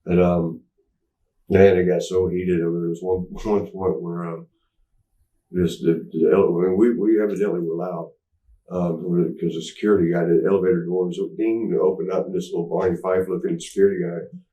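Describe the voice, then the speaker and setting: A man in his forties telling a candid story as an interview guest, rambling and halting with many restarts and fillers. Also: low-pitched, flat delivery, warm tone. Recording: roomy echo, mic at a distance.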